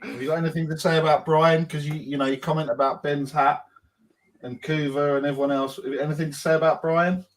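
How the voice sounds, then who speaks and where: A man's voice: a little high, level tone, brisk, a little hiss or hum, rough recording. A man co-hosting a podcast in casual banter, teasing the others and prodding them to speak up. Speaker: podcast co-host.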